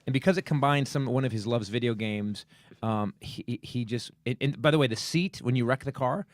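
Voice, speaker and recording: A middle-aged man hosting a comedy podcast, telling stories in a lively way and acting out other people's lines. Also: mid-range voice, a little fast, no echo, clean studio sound. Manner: animated, acts out other people's voices, swears casually. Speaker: podcast host. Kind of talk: comedic storytelling chat. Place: podcast studio.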